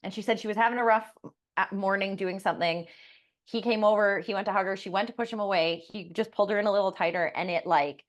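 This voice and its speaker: A woman's voice: mid-range voice, quick pace. Woman coach telling a story. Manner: animated storytelling, acting out quoted people. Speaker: podcast co-host and life coach. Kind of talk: casual podcast chat.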